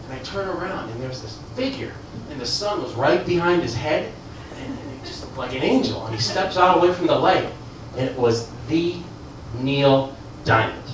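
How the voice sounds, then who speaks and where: A man performing stand-up comedy, telling a story with animated delivery and excited high-voiced quotes. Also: moderate pace, a little hiss or hum. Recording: echoey club room from a distance. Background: audience laughter.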